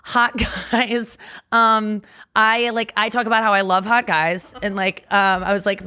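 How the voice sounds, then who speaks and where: A woman comedian appears as a guest on a studio podcast, her mid-range voice pushed and bright with a clean tone and little pitch movement. At a measured pace, she tells a rambling story packed with fillers and frequent laughs in a casual chat.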